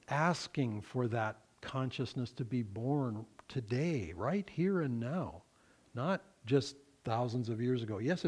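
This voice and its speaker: Male minister, mid-pitched, slow reflective sermon delivery with gentle humor. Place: church service.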